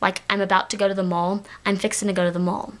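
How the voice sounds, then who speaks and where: A young woman with a Southern US drawl talks straight to her camera in a loose, chatty vlog. She rambles along, filling her pauses with ums and likes. Her voice sits at an ordinary middle pitch for a woman. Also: little pitch movement. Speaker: collab channel vlogger. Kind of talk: casual vlog monologue.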